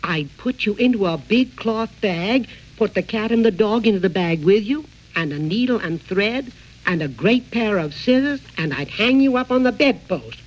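A man's voice: sits high, animated, moderate pace, lo-fi sound. A man voicing a nimble-witted girl heroine in a storybook tale, with a sing-song, teasing delivery. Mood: sly.

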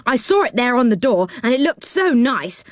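Woman doing a greedy, sulky young boy for a storybook, high-pitched. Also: sing-song, moderate pace, no room sound, studio quality. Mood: sulky pleading. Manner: pleading, sulky.

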